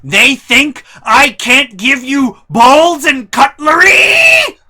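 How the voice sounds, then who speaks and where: A man voicing an easily offended middle-aged mother who shouts in shrill outrage. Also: big pitch swings, extremely slow, full character voice. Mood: outraged.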